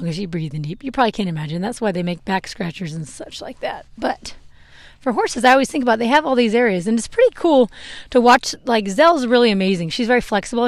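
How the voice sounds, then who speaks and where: With a fairly high voice, a young adult horse owner chats casually while grooming her horse outdoors for her vlog, rambling somewhat and laughing at her slips. Her clip-on mic picks up no room sound.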